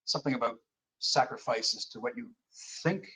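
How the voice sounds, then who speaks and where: A man narrating as game master of a tabletop horror game, halting with frequent fillers. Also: mid-range voice, bright, forceful tone, husky, low-quality recording.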